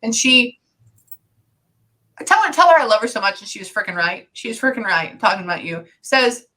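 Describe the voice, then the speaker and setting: A woman's voice: fairly high pitch, normal speed, poor audio. A woman giving a psychic reading, talking in a rambling, casual way with lots of "like" fillers. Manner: rambling, full of "like" fillers, animated. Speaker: psychic medium.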